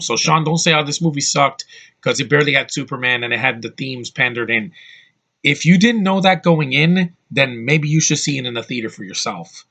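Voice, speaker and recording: A man's voice: mid-range voice, vocal fry, bright, forceful tone. A man giving a casual spoken movie review, enthusiastic and blunt, rambling with restarts and the odd swear word.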